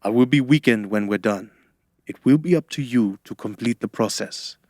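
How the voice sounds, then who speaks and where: A grave, determined ritualist from a fantasy audiobook, as a male narrator plays him, speaking in an even middle register. He gives firm, urgent commands. The recording is dry and close. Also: mid-range voice, moderate pace, no echo, natural voice.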